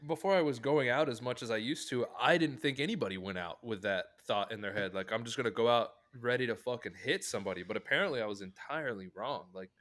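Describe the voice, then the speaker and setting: A man with a mid-range voice chatting on a casual podcast. He muses on things in a relaxed, reflective way. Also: medium pitch, fast, hardly any pauses. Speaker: podcast co-host. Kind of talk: casual chat.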